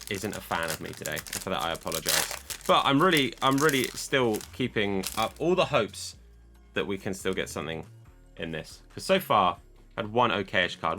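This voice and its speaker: A man's voice: sits low, expressive, normal speed, sharp tone, soft background music. A man casually chatting as he opens card packs, joking and scolding his camera for losing focus. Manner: chatty, self-deprecating, talks to his camera. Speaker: card opening host. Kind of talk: casual chat while opening card packs.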